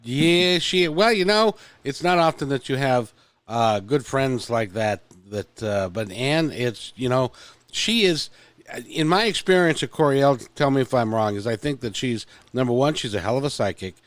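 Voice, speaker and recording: A man's voice: medium pitch, normal speed, no room sound. A man hosting an interview in a casual, joking way, rambling with plenty of ums and restarts. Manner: joking, rambling with many fillers. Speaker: host.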